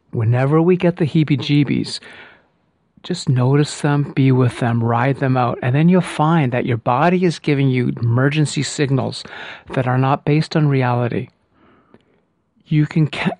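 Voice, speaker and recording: Slow, calm male breathing coach. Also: medium pitch, no room sound. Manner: calm counting with reassuring asides. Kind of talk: guided breathing lesson.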